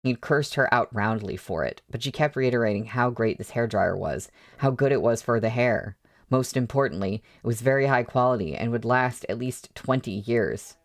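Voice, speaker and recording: Casual male read-along host; steady narration with rambling, filler-heavy comments, mid-range voice. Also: mid-range voice, normal speed. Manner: chatty, hesitant asides with fillers. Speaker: book reader.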